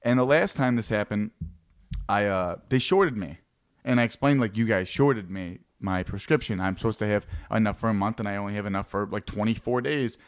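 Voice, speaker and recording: A man's voice: fairly low pitch, brisk, smooth. A young man co-hosting a podcast, telling rambling stories full of swearing. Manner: rambling storytelling, heavy swearing. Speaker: podcast co-host. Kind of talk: casual profane chat.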